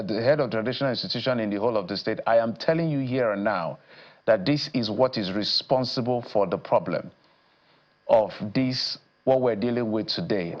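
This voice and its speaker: Nigerian guy hosting a politics show, mid pitch, pushing the guests, dull sound. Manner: probing, pointed questions. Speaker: TV news host. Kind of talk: moderating a panel discussion.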